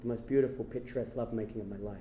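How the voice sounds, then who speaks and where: A man telling a long personal story on stage as a stand-up comedian, animated and swinging from hushed lows to shouted bursts. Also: very fast, echoey room, slight background noise. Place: stage before a live audience.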